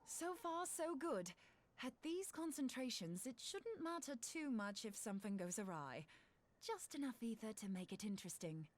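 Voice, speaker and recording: A woman's voice: a little high, lively intonation, moderate pace, natural voice. A woman voicing a bold, axe-loving young woman scholar in a game, breezy and wry. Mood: eager. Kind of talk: game voice acting.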